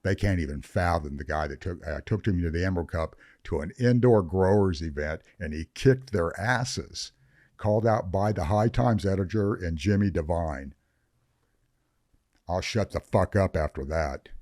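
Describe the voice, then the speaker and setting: A man's voice: low-pitched, lively intonation, normal speed, darkish tone, no echo, clean studio sound. An older man, a veteran grower, talking in a podcast interview, blunt, profane and fired up as he rants. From Northern California. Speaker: veteran cannabis grower guest.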